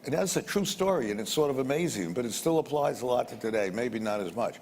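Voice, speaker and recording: An older man with a medium-pitched, expressive, darkish voice talks fast while telling a business anecdote. He is blunt and rambling, repeats words and swears a little, and the recording has roomy reverb and faint background noise.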